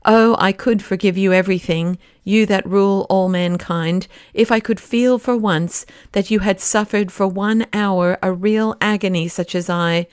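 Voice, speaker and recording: A woman's voice: medium pitch, unhurried, smooth, no echo, clean studio sound, natural voice. A woman reading the part of a bitter, defiant male anarchist in an audiobook, restrained at first and then fiercely accusing. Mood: furious.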